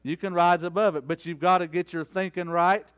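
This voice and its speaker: A man preaching a sermon, asking for amens and building from conversational storytelling into fervent, drawn-out declamation. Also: high-pitched, steady tone, clean tone. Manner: rhetorical call-and-response, rising into fervent slow declamation.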